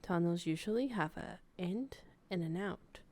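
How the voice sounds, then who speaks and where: A solemn nature documentary narrator murmurs in a low, mostly unvoiced whisper, going slowly and gravely, as a woman puts it on. The tone is mock-serious and quiet, a whispered role-play. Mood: hushed solemn.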